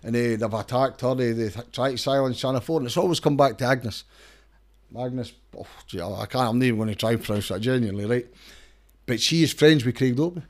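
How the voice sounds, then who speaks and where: This is a middle-aged man with a broad Scottish accent, speaking at an ordinary mid pitch. He talks in a casual, emphatic way, pressing each point hard. He often restarts his sentences and repeats words as he goes. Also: fast talker. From Scotland. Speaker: campaigner and lawyer, interview guest. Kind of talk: casual interview talk.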